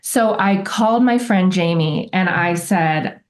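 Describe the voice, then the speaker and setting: A woman's voice: lowish voice, a little slow. A woman guest on a podcast, telling a personal story in a candid, reflective way and acting out remembered remarks.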